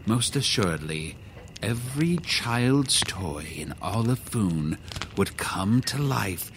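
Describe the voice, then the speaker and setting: Man doing a low-voiced, pompous wizard, lively delivery, comedy podcast. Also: slow, a little hiss or hum, heavily acted. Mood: grandiose. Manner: pompous, grandiloquent. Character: pompous grandiose male wizard.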